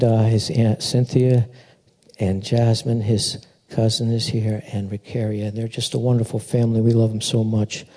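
Middle-aged guy preaching at a memorial, real dark mellow voice, rambly and loose, full of "you know". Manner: rambling storyteller, animated, mimics a chirping bird in a high voice. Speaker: pastor speaking at a memorial. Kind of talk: informal eulogy sermon.

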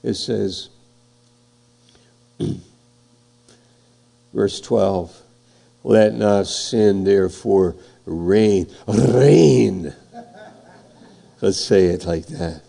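A man's voice: low voice, steady tone, vocal fry, warm tone. A man preaching a sermon, reading scripture and building emphasis, his voice rising and falling. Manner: slow, emphatic preaching, voice swelling and dropping.

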